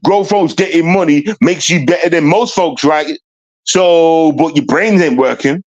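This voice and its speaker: A man ranting bluntly and confrontationally into the camera, repeating himself for emphasis. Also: high-pitched. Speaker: vlogger. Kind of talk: ranting commentary.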